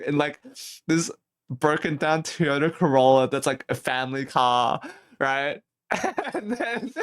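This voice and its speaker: A man's voice: on the high side, a bit bright. A young man streaming as a VTuber, telling a rambling story with lots of laughing, swearing and false starts. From Australia.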